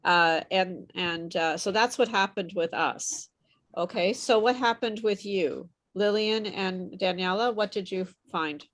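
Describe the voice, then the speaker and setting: A woman's voice: medium pitch, measured pace. A woman tutoring a small online class in pronunciation, modelling words and repeating them patiently. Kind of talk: online group lesson.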